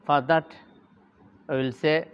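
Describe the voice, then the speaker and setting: Man teaching slowly. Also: a little high, fairly even intonation, clear, resonant tone, highs cut off. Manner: slow, deliberate, repeats key terms with frequent "okay". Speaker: English teacher. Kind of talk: classroom lecture.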